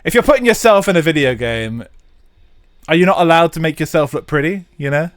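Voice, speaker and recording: A man's voice: on the high side, animated, a little fast, dry recording. Casual swearing young male streamer. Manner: casual, swearing, rambling with fillers. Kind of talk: live gameplay commentary and chat.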